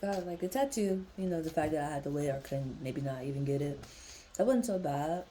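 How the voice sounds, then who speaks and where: A woman's voice: low voice, fairly quick, mellow, a little hiss or hum. A young woman reading tarot cards in a casual vlog, talking bluntly and swearing freely as she thinks aloud. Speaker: tarot reader.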